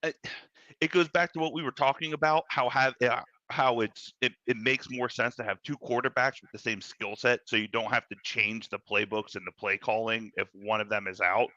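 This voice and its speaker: A man's voice: medium pitch, fairly even intonation, moderate pace, sharp tone, no echo, muffled recording. A man co-hosting a casual sports show, laid-back and analytical. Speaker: co-host.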